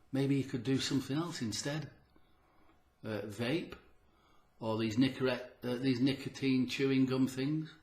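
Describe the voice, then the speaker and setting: Man for a motivational health vlog: earnest and emphatic, repeats himself for effect, slightly out of breath, roomy echo. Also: mid-range voice. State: audibly short of breath. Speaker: health vlogger. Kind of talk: motivational talk to camera.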